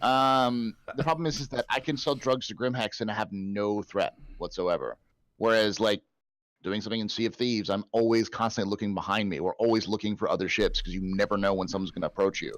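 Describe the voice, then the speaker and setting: A man speaking as a guest in a casual gaming podcast chat, halting and restarting his words as he talks. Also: fairly low pitch, fairly bright tone, no room sound. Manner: halting and hesitant, with repeated restarts.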